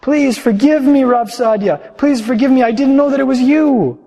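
A man voicing a humble, frantic old Jewish innkeeper who wails and pleads in a raised, high voice. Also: normal speed, vocal fry, warm tone, big-room sound, full character voice. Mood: pleading. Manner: wailing, pleading, high-pitched.

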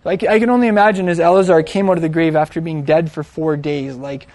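A man with a high voice retells an old story as if talking to friends. He speaks loosely, full of fillers and restarts, and gives the characters' lines a little voice of their own. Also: fairly even intonation, fast, a little mellow, dry recording. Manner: conversational, filler-heavy, acts out quoted lines. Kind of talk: casual retelling of a Bible story.

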